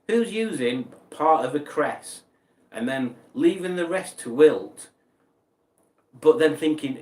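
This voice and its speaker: A slightly high, darkish voice comes through slowly but animatedly as a man on stream reads chat and grumbles with mock outrage. The mic is distant and the room echoes.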